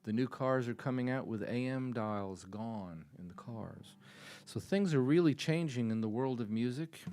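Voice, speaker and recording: Guy talking at a little coffee house show, folksy storyteller, normal middle voice, goes hushed then loud. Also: medium pitch, lively intonation, moderate pace. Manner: storytelling, repeats phrases for emphasis, swings from hushed to loud. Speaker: musician speaking from the stage. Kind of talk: folksy stage talk with a told joke. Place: small coffee-house concert stage.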